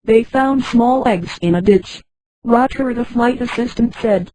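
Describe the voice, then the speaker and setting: Female text-to-speech narrator, warm dark tone, dry close sound, reads punctuation aloud. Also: a little high, unhurried, dry recording, low-quality recording. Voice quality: flat synthetic reading that voices punctuation marks aloud. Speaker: audiobook narrator. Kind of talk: scripted narration.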